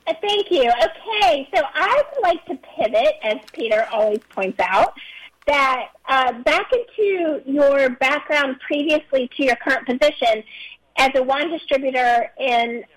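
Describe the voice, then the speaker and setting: A woman co-hosts a radio talk show with a cartoon-like voice set high for a woman. She is bubbly and playful, and her questions come out in long, rambling sentences. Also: lively intonation, unhurried, low-quality recording. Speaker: radio co-host.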